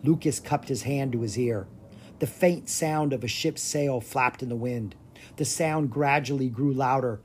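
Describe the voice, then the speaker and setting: An audiobook narrator giving an expressive storybook reading. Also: medium pitch, breathy edge.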